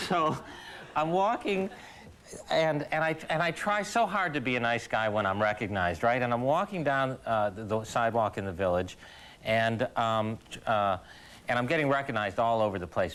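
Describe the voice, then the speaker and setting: A man chatting as a talk show guest, telling comic stories in a halting, self-deprecating way, full of restarts. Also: mid-range voice, a bit bright, clear, resonant tone. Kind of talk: comic storytelling chat. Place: television studio with live audience.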